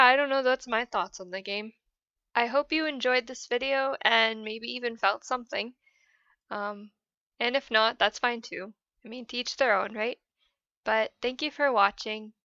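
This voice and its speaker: A woman hosting a gaming channel, talking through her feelings about a game in a hesitant, rambling, soft and emotional way. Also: a little high, dry recording, lo-fi sound. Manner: hesitant, rambling, many "I don't know"s. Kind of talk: casual post-game reflection.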